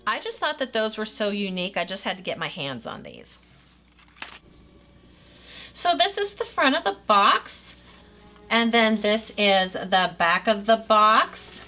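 A woman's voice: mid-range voice, very animated, unhurried, pauses often, sharp tone, faint music behind. A woman gushing enthusiastically as she reviews press-on nails in a casual vlog. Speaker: nail product reviewer.

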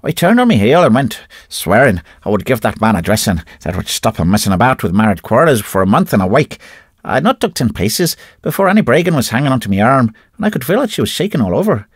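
Expressive male audiobook narrator. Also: mid-range voice, quick pace, breathy edge, no room sound, clean studio sound. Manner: expressive storytelling.

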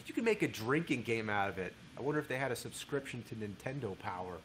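Guy doing a lively casual show review, mid-pitched voice, swears a bit. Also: a little fast, few pauses, slight background noise.

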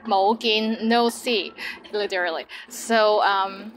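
A woman's voice: mid-range voice, steady tone, slow, a little hiss or hum, poor audio. A woman teaching phrases in a playful, upbeat lesson. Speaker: language teacher. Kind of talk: lively language lesson.

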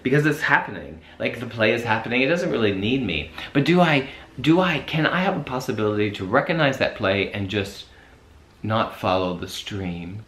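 A man's voice: lowish voice, lively intonation, moderate pace, a bit bright. A man giving a reflective spiritual talk, rambling and searching for words with many restarts. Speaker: host. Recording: echoey room.

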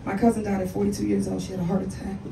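A woman's voice: medium pitch, little pitch movement, racing, creaky, mellow, slight background noise. A woman in her forties from Washington, D.C., doing a brash, profane stand-up set with laughing asides. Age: 40s. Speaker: stand-up comedian. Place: comedy club stage. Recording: echoey club from a distance, crowd laughter.

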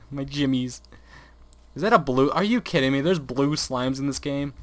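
Speaking at a measured pace with a fairly bright, mid-range voice, this young gaming host records dry and close on a desk microphone. His let's play narration turns exasperated and foul-mouthed, with frequent swearing and laughter at the game's events.

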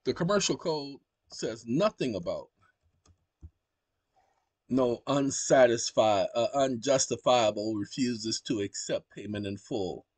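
A man's voice: mid-range voice, husky, dry recording. A man hosting his own channel, talking casually as he walks through a screen share and dictates commands aloud to a voice assistant at his computer. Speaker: channel host.

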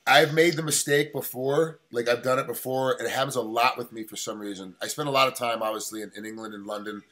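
A man's voice: medium pitch, steady tone, fast talker, fairly bright tone. An American man interviewing a fighter, asking long, rambling questions. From United States. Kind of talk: casual interview.

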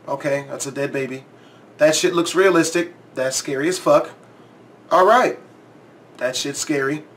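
A man hosting his channel, giving casual reaction commentary, swearing freely and yelping when something startles him. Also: a little high. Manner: profane, jumpy, yelps and swears when startled. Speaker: YouTube host reacting to a scare challenge.

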